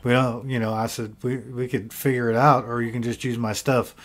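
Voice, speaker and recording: Animated storytelling man, mid-pitched voice. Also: a little fast, noisy background. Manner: animated storyteller, acts out quotes. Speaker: podcast co-host, band musician. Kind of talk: casual chat.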